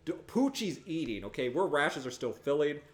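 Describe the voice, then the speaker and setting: A man streaming and commenting on an old computer game, rambling and swearing, often bursting into loud excited outbursts. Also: fairly high pitch, brisk, a little hiss or hum. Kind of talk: live-streamed gameplay commentary.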